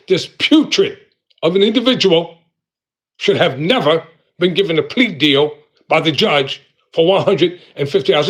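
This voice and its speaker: A man's voice: high voice, slightly rough. A man hosting a live commentary show, talking angrily and with heavy emphasis, repeating his points for force.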